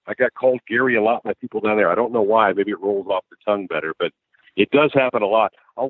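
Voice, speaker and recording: Low-voiced sportscaster on a tinny phone line. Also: male voice, no room sound. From American Midwest. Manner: animated storyteller, frequent restarts and laughs. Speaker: sportscaster guest. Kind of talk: conversational interview storytelling. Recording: dry, phone-like narrow line.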